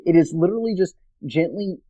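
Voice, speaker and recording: Casting: man, podcast co-host, animated intonation, joking side remarks, dry mic. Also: high-pitched, fairly quick, dry recording, muffled recording. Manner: joking interjections, lively. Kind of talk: casual chat.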